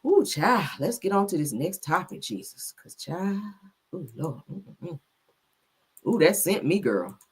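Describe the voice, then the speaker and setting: A woman's voice: fairly low pitch, sing-song, a little slow, slightly rough. A woman hosting a livestream gossip show, telling stories theatrically and peppering them with cries of Lord and Jesus. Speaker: gossip channel host.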